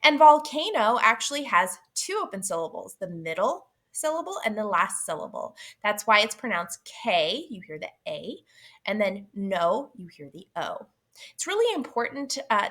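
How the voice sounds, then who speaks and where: A woman explaining reading lessons to teachers, speaking clearly and deliberately and stretching out vowel sounds as examples. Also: a little high, fairly bright tone. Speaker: literacy teacher. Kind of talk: instructional explainer.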